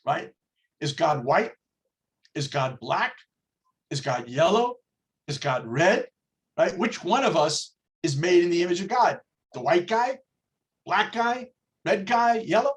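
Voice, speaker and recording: Brief: a rabbi lecturing over a video call, unhurried, storytelling, asking rhetorical questions. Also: male voice, high-pitched. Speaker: rabbi teaching a class. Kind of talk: religious lecture with jokes.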